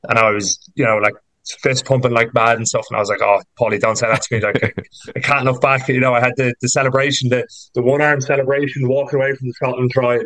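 A man with an Irish accent tells long stories in a rambling, filler-heavy way. His pitch stays flat and even. The sound is dry and close. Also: fast talker, no room sound, poor audio. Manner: chatty, rambling storyteller with many fillers. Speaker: rugby player guest. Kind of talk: casual podcast interview.

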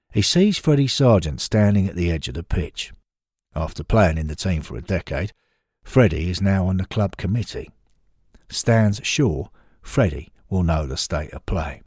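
A man narrating a story in an expressive, dramatic scripted manner. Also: deep voice, slightly rough, dry recording, studio quality.

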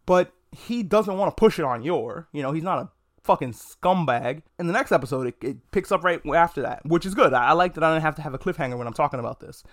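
A man's voice: on the high side, animated, quick pace, fairly bright tone. A man hosting a casual anime review podcast alone. He talks frankly and jokes, with a lot of swearing. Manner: frank, profane, joking. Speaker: podcast host. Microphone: podcast mic.

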